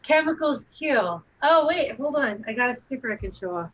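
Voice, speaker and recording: A woman's voice: a little high, animated, fast, lo-fi sound, slight background noise. A woman guesting on a casual podcast, bubbly and giggly, often tripping over her words. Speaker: podcast guest, cannabis grower.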